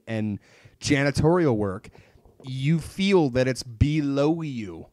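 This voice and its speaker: A man's voice: mid-range voice, no room sound. A young man chatting casually, retelling a story with energy, swearing freely and acting out characters' lines. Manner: animated, profane, retells plot with quoted lines. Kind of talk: casual chat.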